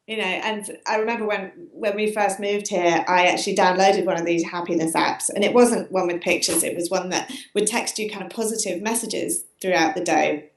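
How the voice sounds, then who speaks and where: A British woman talks through her ideas as an interview guest, wry and chatty, often pausing on "you know". Her voice sits at an ordinary middle pitch. The room gives her a noticeable echo. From Britain. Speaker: guest author. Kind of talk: conversational interview. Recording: roomy echo.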